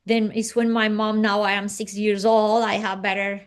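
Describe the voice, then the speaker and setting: A woman's voice: medium pitch, flat delivery, moderate pace, smooth. A woman guest in an interview, earnestly telling a personal story with slightly non-native phrasing and acting out what others said. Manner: earnest, acting out quoted dialogue.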